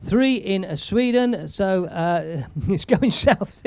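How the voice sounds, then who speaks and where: A man chats loosely on his live stream, laughing often and reading viewer messages aloud. His voice sits high for a man. The sound is dry and close, with no room around it. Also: animated, slow, darkish tone, no room sound. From England. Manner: chatty, rambling, laughs often, reads viewer comments aloud. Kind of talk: casual live-stream chat.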